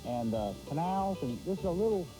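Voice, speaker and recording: A man hosting a fishing show, giving folksy live commentary from a boat on a pond and exclaiming loudly. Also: a little high, expressive, brisk, music in the background, low-quality recording.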